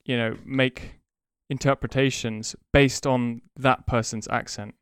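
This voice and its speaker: A slow, deliberate man co-hosting a casual podcast, explaining a point with frequent ums. His voice is very smooth and clear. The recording is dry and close, with no room sound. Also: mid-range voice, fairly even intonation, a bit bright, no room sound. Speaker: podcast co-host. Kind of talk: casual chat.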